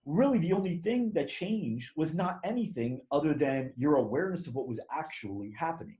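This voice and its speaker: Animated, rambling male podcast guest. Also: on the high side, brisk. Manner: animated, rambling, swears casually. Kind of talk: casual storytelling interview.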